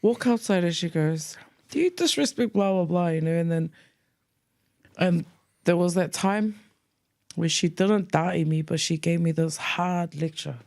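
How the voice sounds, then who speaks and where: A woman, co-hosting a podcast, telling school stories in a casual, lively way, acting out quoted voices and mixing in Tongan words. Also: on the low side, unhurried, long pauses. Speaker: podcast co-host. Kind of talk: casual storytelling chat.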